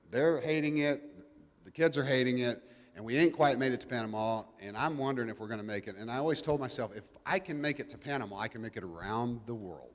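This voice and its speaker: A man's voice: on the low side, big-room sound. A middle-aged man gives a folksy, joking talk to a live audience as a guest speaker, rambling a little with restarts. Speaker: guest speaker, cruising family father. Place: event venue before a live audience.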